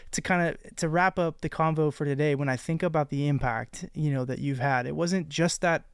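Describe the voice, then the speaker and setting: A man hosting a podcast, speaking casually in halting, rambling sentences full of restarts. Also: a little high, fairly even intonation, clean tone, no room sound, studio quality. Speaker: podcast host.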